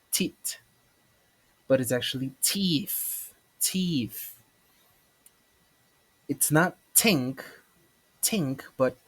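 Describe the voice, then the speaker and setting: Man explaining pronunciation casually. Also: mid-range voice. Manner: casual, explanatory, contrasts wrong and right forms. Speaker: student presenter.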